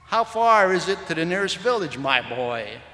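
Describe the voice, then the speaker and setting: A man's voice: sits high, big pitch swings, normal speed, sharp tone, echoey room, big-room sound, pitched above the performer's own voice, full character voice. A man voicing a persuasive hunter who is a prince, coaxing and assured, in a storybook reading.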